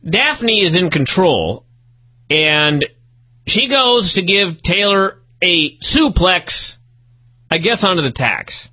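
A man's voice: high-pitched, big pitch swings, slow pace, sharp tone, no room sound, dull audio. A man co-hosting a wrestling review podcast, sarcastic and profane, working himself up into incredulous rants. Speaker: podcast co-host. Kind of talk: casual wrestling review chat.

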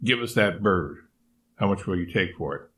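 A man's voice: low-pitched, expressive, moderate pace, fairly bright tone, slight background noise. A man voicing a greedy male vivisector who haggles insistently to buy an animal, in a storybook reading. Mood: demanding. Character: greedy pushy male vivisector, a mad scientist.

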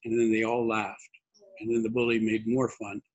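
An older man giving a conversational sermon, husky, rambling and restarting often. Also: on the low side, level tone, normal speed. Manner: rambling, many restarts and fillers. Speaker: pastor. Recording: dull lo-fi recording.

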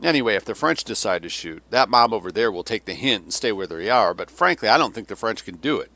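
A man's voice: fairly low pitch, expressive, quick pace, sharp tone, no echo, voice pushed up. A man voicing a weary, cynical older male Russian general who delivers sardonic, bitter tirades.

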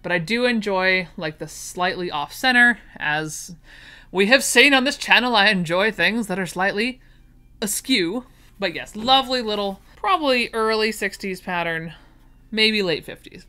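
A woman's voice: mid-range voice, animated, a little slow, pushed and bright, smooth. A woman chatting enthusiastically while unboxing vintage sewing patterns, gushing over each find. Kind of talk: casual unboxing chat.

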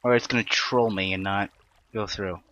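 A man's voice: fairly low pitch, steady tone, moderate pace, pushed and bright, dull audio. A young man giving casual, rambling commentary on his own gameplay, self-deprecating and prone to sudden panicked outbursts. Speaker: Let's Play gamer.

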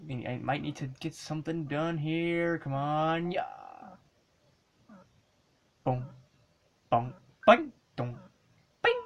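A woman giving casual commentary while playing an old handheld game, excitable and swearing and yelling at the screen. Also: low voice, takes it slowly, long pauses. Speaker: let's play gamer.

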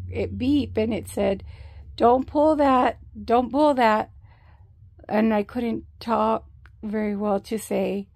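Slow, gravelly woman vlogger. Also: mid-range voice, mellow, no echo. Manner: slow, rambling, with many fillers and restarts. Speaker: vlogger sharing a health update. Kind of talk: casual storytelling to camera.

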